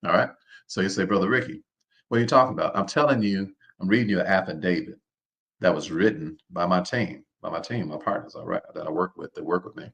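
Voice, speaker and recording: A man with a very low voice hosts a live online session. He drives his points home by repeating them and keeps asking his listeners to answer him. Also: brisk, vocal fry. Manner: preacher-like, calls on the audience to respond; repeats phrases, informal speech. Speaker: host. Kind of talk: live online seminar talk.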